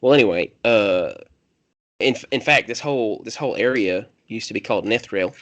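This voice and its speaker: A man's voice: on the low side, moderate pace, a bit bright, dull audio, close to an everyday voice. A man voicing a wary, reclusive country hermit with a drawl, who rambles with many fillers and loses his train of thought. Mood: rambling.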